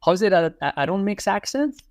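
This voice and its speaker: Man, educator guest, reflective and repetitive, slightly high voice, dry sound. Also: big pitch swings, fast, darkish tone, no room sound. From Morocco. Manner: reflective, repeats key phrases for emphasis. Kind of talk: casual interview conversation.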